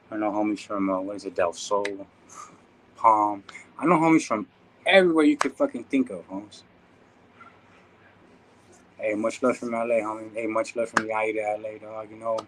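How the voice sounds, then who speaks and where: Low-voiced man vlogging. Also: fairly bright tone, a little hiss or hum, rough recording. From Inland Empire, California. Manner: slangy, laid-back, calls listeners "dog" and "homie". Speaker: YouTube content creator. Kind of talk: casual vlog talk to viewers.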